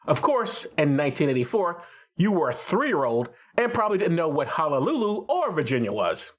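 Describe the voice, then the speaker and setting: Male podcast co-host, husky, very animated, incredulous and dry. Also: on the high side, normal speed. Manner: incredulous straight man, reads out articles. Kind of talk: comedic movie podcast chat.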